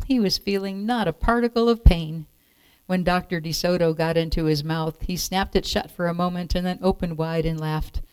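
Low-voiced woman reading a story. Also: fairly even intonation, a little mellow, dry recording. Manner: clear, measured storytelling. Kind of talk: reading a picture book aloud.

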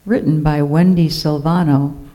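A storyteller reading a children's picture book aloud with expressive, playful delivery. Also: mid-range voice, unhurried, poor audio.

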